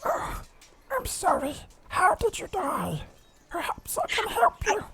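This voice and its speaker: A man voicing a frantic, wide-eyed male gnome who pleads breathlessly in a squeaky high voice. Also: wildly swooping pitch, slow, gravelly, heavy background noise, exaggerated voice. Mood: pleading.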